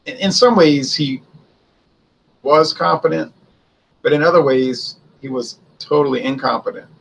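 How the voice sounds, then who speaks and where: Male host, husky, informal history commentary, conversational with rhetorical questions. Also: a little high, measured pace, rough recording. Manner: conversational, poses and answers his own rhetorical questions. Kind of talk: casual spoken history commentary.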